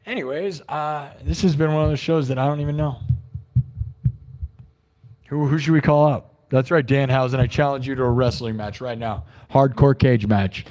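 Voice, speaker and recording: A man hosting a livestream, chatting casually in a rambling, excitable and joking way. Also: fairly high pitch, a little fast. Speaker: livestream host.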